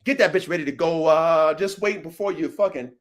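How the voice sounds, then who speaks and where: A man hosting a podcast, boasting and ranting in a swaggering, profane way that bursts into shouting. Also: a little high, fairly quick. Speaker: podcast host and dog breeder.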